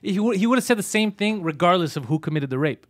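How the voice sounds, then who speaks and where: Joking man hosting a podcast, slightly high voice. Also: expressive, fast talker. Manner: joking, profane, laughs often. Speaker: podcast host. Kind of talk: casual comedy podcast banter.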